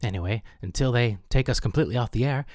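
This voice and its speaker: A man hosting a comedic mock radio show with deadpan, pompous announcer patter. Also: medium pitch, fast, no echo, clean studio sound. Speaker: host.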